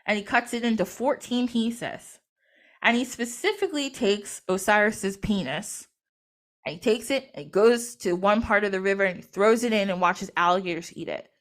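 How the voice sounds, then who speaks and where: A woman's voice: medium pitch, normal speed. A woman retelling a myth in casual storytelling style, chatty, acting out the characters through quoted dialogue. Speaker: podcast host or guest.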